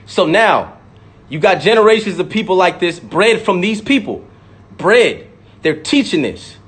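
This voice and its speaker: A man's voice: high voice, sing-song, a little slow, a bit bright, breathy edge. A man, a rapper, delivering an impassioned, profane monologue to camera and repeating words for emphasis.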